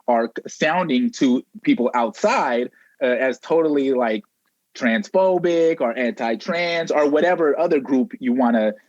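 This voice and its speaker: Halting man guest with a mid-range voice, recorded dull and dry. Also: medium pitch, darkish tone, no echo. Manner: halting, many fillers and restarts. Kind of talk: conversational podcast discussion.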